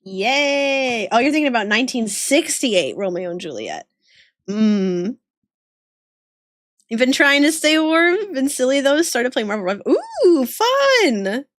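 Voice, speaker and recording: A woman's voice: sits high, big pitch swings, a little slow, no echo, clean studio sound. A woman streamer chatting casually and giggling with her viewers while she draws. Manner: giggly, bubbly, greets chat warmly.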